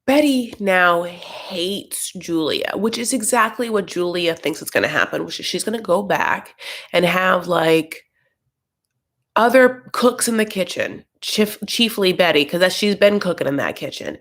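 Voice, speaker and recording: A man's voice: high voice, lively intonation, a little slow, a bit bright. A man hosting a reality TV reaction show, recapping in a sassy, gossipy, campy way. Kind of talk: casual TV recap commentary.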